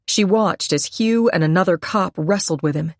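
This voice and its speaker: A woman's voice: lowish voice, normal speed, no echo, studio quality. Woman reading a tense thriller audiobook. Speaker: audiobook narrator. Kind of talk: scripted suspense narration.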